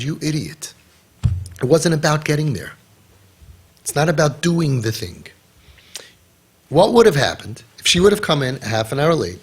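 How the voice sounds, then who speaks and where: A middle-aged man coaching parents, telling stories and acting out the parents and teens in quick, emphatic voices. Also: mid-range voice, slightly rough. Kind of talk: animated motivational talk with storytelling.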